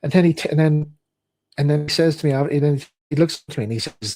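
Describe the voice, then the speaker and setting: A man's voice: on the high side, expressive, fast, darkish tone. A man streaming, telling a rambling personal anecdote and acting out other people's lines in a raised voice.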